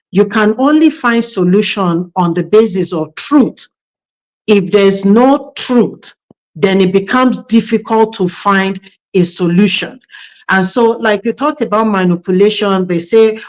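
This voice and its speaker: Woman pastor-host, reflective storyteller, lots of "um" and "you know", mid-pitched. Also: low-quality recording. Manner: reflective, tells anecdotes with many fillers. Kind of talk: conversational talk on marriage.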